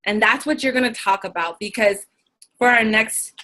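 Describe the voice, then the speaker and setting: Bright, earnest young woman giving encouragement. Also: fairly high pitch, normal speed. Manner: earnest, encouraging, searches for words. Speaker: co-host of a team video call. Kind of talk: motivational talk from notes. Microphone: video call.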